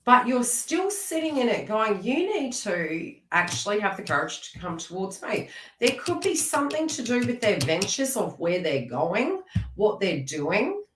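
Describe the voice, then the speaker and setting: A woman's voice: medium pitch, big pitch swings, a little slow, echoey room, distant mic, slight background noise, rough recording. A woman giving a live tarot reading, chatty and teasing as she talks to viewers by name. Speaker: tarot reader.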